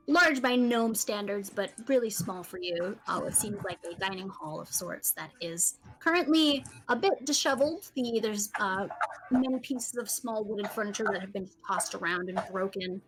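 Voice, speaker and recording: A woman's voice: mid-range voice, fairly bright tone, a little hiss or hum, rough recording. A woman narrating a tabletop game as dungeon master, often laughing as she describes the scene.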